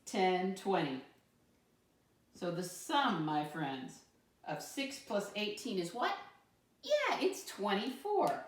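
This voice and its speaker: A woman's voice: lowish voice, sing-song, slow, long pauses. A woman teaching a math lesson to young children in a sing-song teacher voice, counting aloud and calling them "my friends". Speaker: first grade teacher. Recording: roomy sound from a distant mic.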